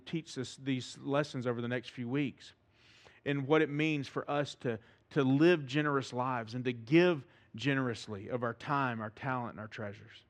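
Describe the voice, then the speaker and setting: A man pastor preaching a sermon, with emphatic delivery that swings from loud to soft. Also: medium pitch.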